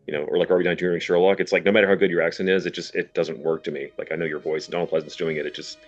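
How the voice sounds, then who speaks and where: Super fast talking guy with a real low voice, muffled lo-fi sound. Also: little pitch movement. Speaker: film commentator and guest. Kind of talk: casual film discussion. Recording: dull lo-fi audio.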